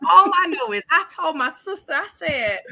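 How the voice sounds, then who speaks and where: A woman tells a story in a bright, ringing voice that swoops high and low. She laughs often and acts out each person's lines as she goes. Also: very animated, moderate pace. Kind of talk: casual chat.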